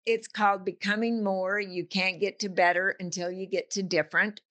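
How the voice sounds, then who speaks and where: A woman's voice: medium pitch, steady tone, moderate pace, a bit bright. An older woman, a coach and author, talking casually in an interview and telling stories with vivid analogies. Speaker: guest, business coach and author.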